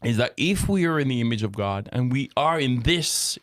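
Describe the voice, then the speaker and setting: A man's voice: medium pitch, animated, normal speed, a bit bright, no echo. A man from France co-hosting a casual faith talk show, chatty and laughing often. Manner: laughs often, loses his thread, chatty. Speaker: co-host.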